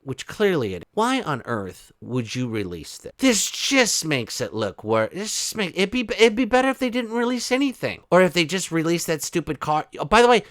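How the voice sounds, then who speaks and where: A man's voice: fairly high pitch, sing-song, normal speed, few pauses, a bit bright, dry recording, clean studio sound. A man hosting an online commentary video, talking in a casual, incredulous way and rambling with frequent restarts.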